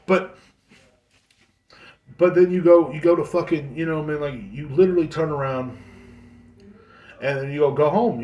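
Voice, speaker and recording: A man's voice: fairly high pitch, normal speed, long pauses, warm tone, dull audio. A man hosting a podcast, delivering a heated, profane ranting monologue and mocking other people's voices. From United States. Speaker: podcast host. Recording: echoey room.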